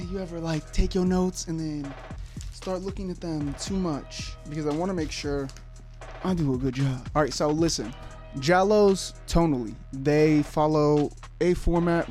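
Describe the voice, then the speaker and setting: A man's voice: a little high, a little mellow. A man giving a casual video essay as a YouTuber, joking and rambling with lots of fillers and swearing.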